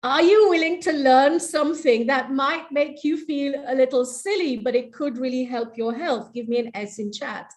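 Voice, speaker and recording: A woman's voice: sits high, moderate pace, few pauses, darkish tone. A woman presenting in an online webinar, playful and coaxing, leading the audience through breathing and laughter exercises over a video call.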